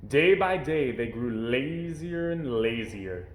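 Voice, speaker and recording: A man reading a children's storybook aloud with expressive storytelling, at home. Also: medium pitch, slow pace, echoey room. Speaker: storybook reader. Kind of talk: children's book read-aloud. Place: home during quarantine.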